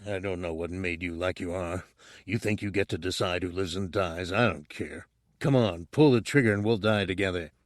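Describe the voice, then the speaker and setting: A desperate, furious smuggler, read by a man who speaks tense and strained. His voice sits low and is recorded dry and close, for an audiobook. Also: normal speed, dry recording, close to an everyday voice. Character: desperate male smuggler, father, furious and out of breath.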